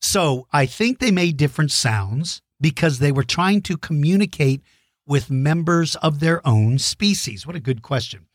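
Middle-aged male kids' show host, enthusiastic and encouraging, slightly high, dry close mic. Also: lively intonation, a little slow, no room sound. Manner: enthusiastic, encouraging, explains simply. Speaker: host answering kids' dinosaur questions. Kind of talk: friendly kids' show chat.

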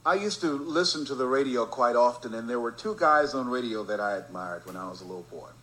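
A man from Miami giving a storytelling motivational speech, emphatic and rhythmic, slowing down to stress key phrases. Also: medium pitch, expressive, fairly bright tone, low-quality recording. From Miami, Florida. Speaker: motivational speaker.

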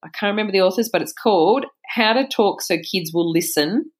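A woman's voice: medium pitch, expressive, brisk. A woman, a mother and guest, talking candidly in a casual interview and acting out the voices she quotes.

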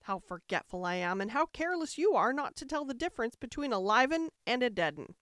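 The ogre's chatty wife scolds in a high, sing-song voice, put on by a woman reading a storybook. Her tone rises and swoops, and the sound is dry. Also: very animated, a little fast, fairly bright tone, dry recording. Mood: scolding.

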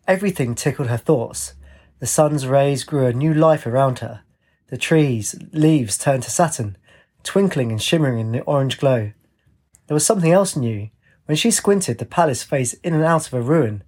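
A man reads a story aloud at an even, steady pace. His voice sits in a middle register with a husky grain to it. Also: medium pitch, normal speed. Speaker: narrator. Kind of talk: storybook narration.

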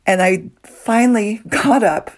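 A woman hosting a solo motivational podcast, earnest and emotional, moving between soft hushed lines and excited bursts. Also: medium pitch, unhurried. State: nervous, emotional. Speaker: podcast host.

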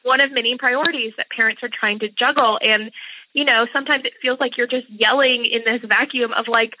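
A woman's voice: on the high side, steady tone, brisk, no echo. A woman youth minister speaking candidly about her struggles, recorded over a muffled line. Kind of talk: interview clip.

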